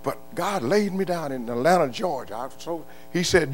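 An older man preaching a sermon, moving from quiet murmured storytelling to loud, impassioned shouts. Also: fairly high pitch, expressive, moderate pace, few pauses, slight background noise. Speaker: pastor.

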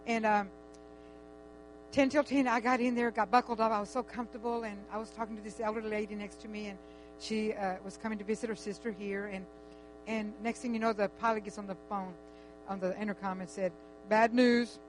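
A woman's voice: mid-range voice, brisk, low-quality recording. Chatty older woman telling a story. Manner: animated, chatty, with frequent restarts and quoted dialogue. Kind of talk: casual personal storytelling. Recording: faint music and mains hum.

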